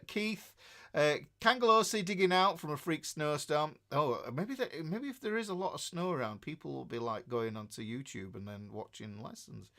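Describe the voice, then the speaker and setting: With a fairly high pitch and a slightly bright tone, a man from northern England runs a casual guitar livestream. He reads viewer comments out loud and chats in a rambling way, frequently restarting and using fillers.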